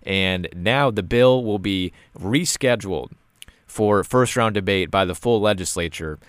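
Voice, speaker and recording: A man's voice: on the low side, a little slow, dry recording, clean studio sound. A man hosting a show, talking casually and stopping often with "uh" and repeated words. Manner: frequent "uh" fillers and repeated words. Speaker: podcast host. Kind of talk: casual commentary.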